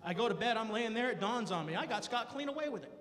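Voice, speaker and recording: A man's voice: very high voice, animated, quick pace, fairly bright tone, big-room sound, a little hiss or hum. A man doing a stand-up comedy set on stage, telling playful stories about his family and acting out their voices. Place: comedy stage before a live audience.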